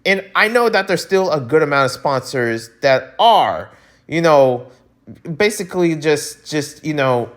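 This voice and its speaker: Animated ranting Filipino-American man. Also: medium pitch. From United States. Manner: animated, ranting, frequent restarts and exclamations. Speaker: breakdancing news vlogger. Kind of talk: casual ranting commentary.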